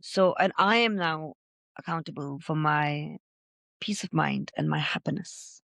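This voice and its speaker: A middle-aged woman, a podcast guest, telling her own story with feeling, loud and gregarious by her own account. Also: low voice, a little slow, gravelly, dry recording. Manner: expressive, says she is loud and gregarious. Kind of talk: emotional personal storytelling.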